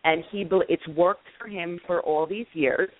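A deep-voiced woman with a New York accent makes her points emphatically and insistently. Her voice comes through a tinny, phone-like line. A faint hiss sits beneath it. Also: fairly even intonation, a little slow. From Queens, New York. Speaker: recruiting panelist. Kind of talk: casual panel discussion.

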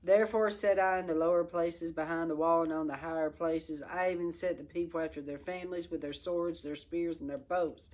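A woman's voice: lowish voice, steady tone, fairly quick, hardly any pauses, a little mellow. A middle-aged woman teaching a Bible study, reading scripture and exhorting her listeners with fiery energy. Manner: fiery, exhorting, breaks into laughter and exclamations.

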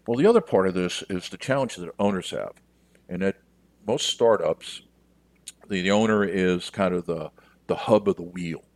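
A man with a very low voice talks straight to his listeners like a business coach, plain and practical. He is middle-aged and speaks in a loose, conversational podcast manner. The sound is dry and close, with no room around it. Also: dry recording. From United States. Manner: direct, conversational, addresses listeners as you. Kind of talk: podcast monologue.

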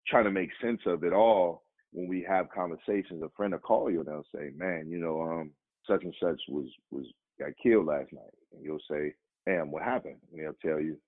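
A man, an actor, telling personal stories in conversation and acting out the voices of the people in them. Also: a little fast. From Chicago. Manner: animated, acts out quoted voices with sudden pitch jumps. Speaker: actor and guest. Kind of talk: storytelling in conversation. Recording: dry, narrow phone-like sound.

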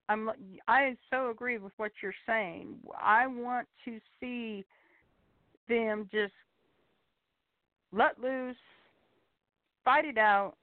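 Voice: medium pitch, dry recording. A co-host in casual chat, speaking emphatically and repeating points for stress. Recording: phone-like, dry.

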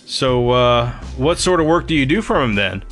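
A man's voice: mid-range voice, animated, normal speed, fairly bright tone, faint music behind. A man voicing a tough, wry male ex-fighter who talks bluntly with a sarcastic drawl. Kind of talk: audiobook character voice.

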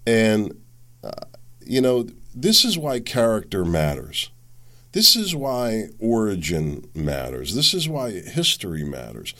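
Sick with a head cold, a man hosts his podcast as a casual, folksy solo ramble packed with fillers. He speaks slowly in a lowish, pushed, bright voice whose pitch swoops wildly.

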